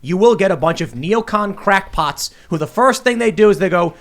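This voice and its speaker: Male co-host, slightly high voice, animated ranting storyteller, studio podcast. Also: normal speed, creaky. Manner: animated, ranting storyteller who acts out exchanges. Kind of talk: heated political panel talk.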